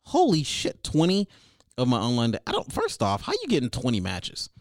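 A man's voice: mid-range voice, wildly swooping pitch, fast talker, no room sound, studio quality. A young man hosting a comedic advice show, rambling crude and over-the-top.

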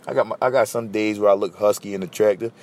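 A young man from Philadelphia with a Philly accent, hosting a casual solo podcast and telling stories in a blunt, profane, animated way. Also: on the low side, fast talker. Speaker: podcast host.

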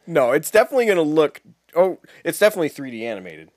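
A man's voice: on the high side, big pitch swings, rapid-fire, no echo, studio quality. A man co-hosting a casual chat in an easygoing, laughing manner. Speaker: podcast co-host.

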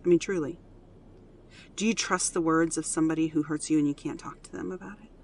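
A mother earnestly telling a personal family story in a casual, animated way, full of fillers. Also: sits low, quick pace, a little hiss or hum.

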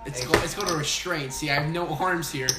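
A man's voice: on the high side, quick pace. A young man co-hosting a podcast, chatting crudely and joking over a poker game. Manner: crude, joking, laughs a lot. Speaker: podcast co-host. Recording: roomy, loud background noise.

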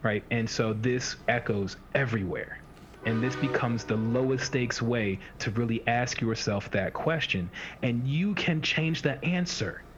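A mid-range male voice at a measured pace belongs to a fitness coach chatting casually on a podcast. He rambles and performs his clients' inner monologues, captured in dull, slightly hissy lo-fi sound.

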